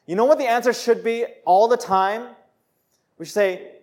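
A young man preaching a sermon, telling a personal story with laughter and rising to joyful shouts. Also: extremely high pitch, normal speed. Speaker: pastor.

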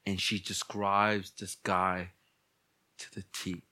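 A male pastor delivers a humorous sermon, telling stories in an animated, blunt, joking way, often laughing and mimicking people. He speaks slowly in a low voice.

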